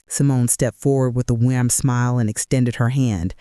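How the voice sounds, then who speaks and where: A woman in her sixties narrating a first-person family story in an earnest, reflective way with dramatic pauses. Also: a bass voice, fairly even intonation, dark tone, no echo, studio quality. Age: 60s.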